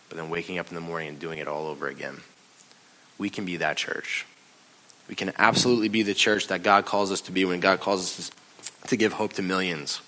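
A pastor with a low voice gives a conversational, confessional sermon, dropping to a hush and then rising loud as he tells a story. The audio is poor.

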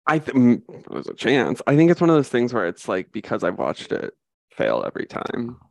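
A man's voice: mid-range voice, huge pitch swings, brisk, creaky, dry recording. A man co-hosting a casual podcast, giving brief, laid-back replies with dry humor. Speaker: podcast co-host. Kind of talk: casual chat.

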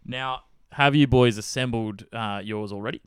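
A man co-hosts a casual sports podcast, and his voice comes through smooth and clear. He jokes, swears now and then and laughs easily. The sound is dry and close to the mic. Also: medium pitch, normal speed, no echo. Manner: jokey, swears, laughs a lot. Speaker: podcast co-host. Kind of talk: casual chat.

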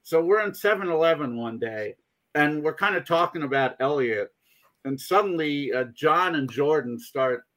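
A man's voice: on the high side, lively intonation, moderate pace, a bit bright. A man hosting a casual chat show, talking in a rambling way with many restarts. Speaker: podcast host.

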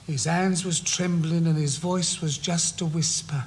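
An actor playing a rambling older man who tells slow wartime stories in a TV sitcom. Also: on the high side, steady tone, a little hiss or hum, lightly acted. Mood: reminiscing. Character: rambling old London man, a wartime veteran. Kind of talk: TV sitcom acting.

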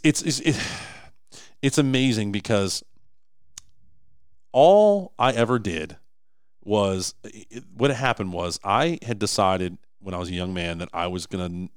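A man co-hosting a casual podcast in a low, smooth voice. He talks emphatically and often restarts his sentences. The sound is dry and close. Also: no echo. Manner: animated, emphatic, frequent restarts. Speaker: podcast co-host, business owner.

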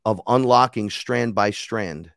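A man with a low-pitched voice tells a sprawling personal story on an interview podcast, heard close and dry. He talks casually and swears freely, acting out each line of quoted dialogue. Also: slow pace, creaky, a bit bright, no room sound. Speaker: podcast guest, rapper and shaman.

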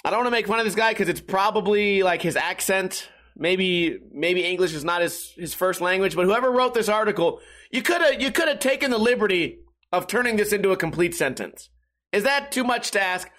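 A man's voice: high-pitched, a little fast, fairly bright tone. A man hosting a casual solo podcast, rambling in a profane, sarcastic, self-mocking way. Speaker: podcast host.

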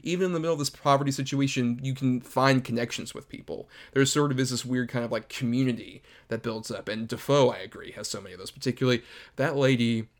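A man's voice: mid-range voice, steady tone, fast. Rambling casual man from Florida. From Florida, USA. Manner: loose and rambling, heavy "like" filler, swears casually. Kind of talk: casual film discussion.

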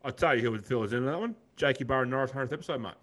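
A man's voice: mid-range voice, racing, a crowd in the background. A man with an Australian accent co-hosting a podcast, chatting in a rambling, laid-back way and calling his co-host mate. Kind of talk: casual chat.

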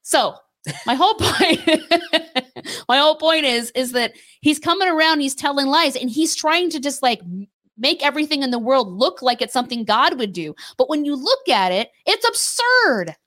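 A woman co-hosting a casual faith discussion, telling stories with emphatic repetition and quick restarts. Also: sits high, sing-song, fairly bright tone. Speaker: podcast co-host.

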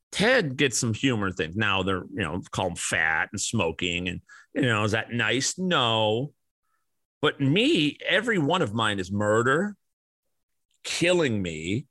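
A man's voice: lowish voice, pushed and bright, no room sound. A man in his forties, an American podcast host, delivering a blunt, profane, fired-up rant. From American Midwest. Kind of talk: ranting monologue.

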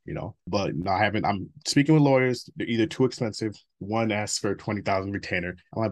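Giving a candid interview, a man in his thirties talks fast in a low, husky, rough-edged voice with lively intonation. He's blunt and swears constantly, laughing between his stories.

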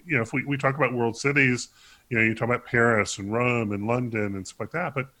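Bright-voiced man, halting and searching. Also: mid-range voice, fairly even intonation. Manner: halting, repeats words, searching for phrasing. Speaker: podcast co-host. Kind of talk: casual book discussion.

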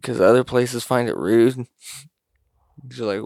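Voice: medium pitch, a little slow, pauses often, a little mellow, no room sound, clean studio sound. A laid-back podcast co-host who swears and laughs often in casual banter.

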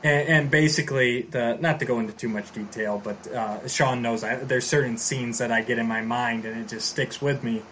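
A man's voice: medium pitch, steady tone, normal speed, hardly any pauses, fairly bright tone, slight background noise, low-quality recording. A man casually recapping a story on a podcast, rambling and restarting as he goes. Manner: rambling, many fillers and restarts.

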